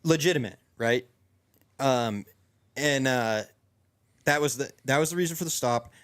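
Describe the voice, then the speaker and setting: A man's voice: mid-range voice, measured pace, fairly bright tone. A young man casually telling a long story among friends, rambling with lots of restarts and fillers. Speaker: podcast co-host.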